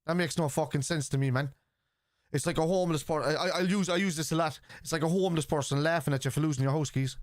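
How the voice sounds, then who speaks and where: An Irish man hosting a live football watchalong, bluntly arguing with his chat, swearing freely and shouting at chances. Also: fairly high pitch, quick pace, dry recording, clean studio sound. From Ireland.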